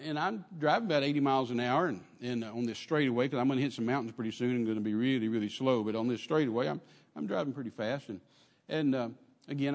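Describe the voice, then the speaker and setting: An older Texan man preaching in a church, his voice sitting high for a man and trailing off into a long hall reverb. He tells his story with emphatic repetition and keeps calling out to the congregation to check that they're with him. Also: a little mellow. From Texas. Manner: emphatic storytelling, repeats phrases, calls out to congregation. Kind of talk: sermon.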